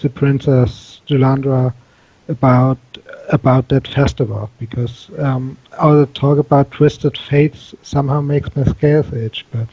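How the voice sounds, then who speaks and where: A man's voice: medium pitch, fairly even intonation, a little slow, warm tone, breathy edge, no echo, highs cut off. A man playing a tabletop game, talking hesitantly and stumbling over his words. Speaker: player. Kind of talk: casual chat in a tabletop game.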